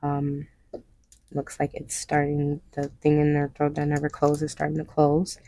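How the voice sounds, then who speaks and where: A young woman talks casually to her viewers as she paints, pitched low with a gravelly edge. Her tone is dark and mellow, and she rambles with fillers and small laughs. The sound is close and dry in a small room. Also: completely flat delivery, moderate pace, no echo. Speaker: craft vlogger. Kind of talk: casual chat while painting.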